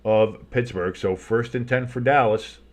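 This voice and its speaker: A tired, yawning man hosting a live football stream, calling the plays with loose, rambling chatter and sudden excited calls. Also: mid-range voice, measured pace. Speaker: play-by-play streamer and show host. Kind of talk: live play-by-play commentary with reactions.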